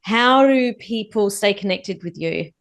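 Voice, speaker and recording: A woman's voice: medium pitch, animated. Encouraging woman hosting an interview. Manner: encouraging, quick affirmations. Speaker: podcast host. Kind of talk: casual interview.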